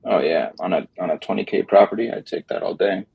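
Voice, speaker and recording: A man's voice: low voice, fast talker, vocal fry, breathy edge, dry recording, muffled recording. A man chatting casually on a livestream while calling property sellers, loose and joking, swearing now and then. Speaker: real estate wholesaler calling sellers on a livestream.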